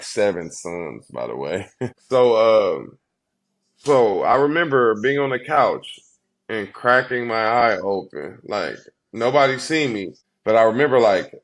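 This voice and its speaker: A man in his thirties with a fairly low voice, recounting his past as an interview guest. He speaks earnestly and from the heart, with quick runs of words broken by slow, weighted phrases. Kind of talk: emotional storytelling interview.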